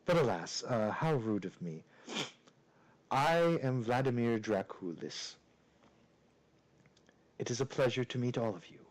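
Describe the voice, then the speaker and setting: A man voicing a tall, suave vampire lord who speaks in a deep, courtly and fatherly way, with formal phrasing and measured pauses. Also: animated, natural voice, rough recording.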